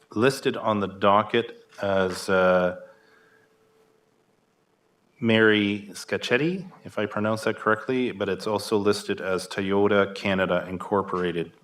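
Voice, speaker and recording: Brief: male prosecutor at a hearing, low voice with a forceful bright edge, formal and careful. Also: fairly even intonation, slow pace.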